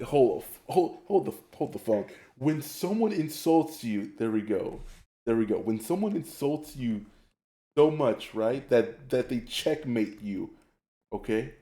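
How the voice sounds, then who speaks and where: A young man streaming a game, telling stories in a rambling, animated way and laughing often. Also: mid-range voice, reverberant. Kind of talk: casual chat while gaming.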